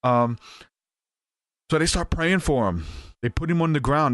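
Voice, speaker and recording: Animated man telling a story. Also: mid-range voice, no room sound. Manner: animated, rambling, with frequent restarts and asides. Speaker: podcast host. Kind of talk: casual storytelling.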